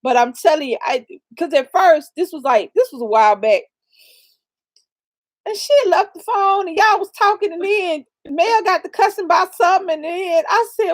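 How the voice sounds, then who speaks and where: High-voiced woman telling animated stories. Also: moderate pace, no room sound. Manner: animated storyteller, loud exclamations. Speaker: co-host of a couple's channel. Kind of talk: casual chat.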